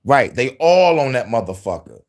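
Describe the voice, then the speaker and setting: A man's voice: mid-range voice, very animated, normal speed. A man hosting a casual news-commentary livestream, profane and heated, laughing often between angry riffs.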